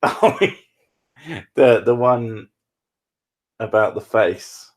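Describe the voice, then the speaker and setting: A man's voice: fairly low pitch, steady tone, extremely slow, darkish tone. A man streaming, chatting casually with crude jokes. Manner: joking, crude banter.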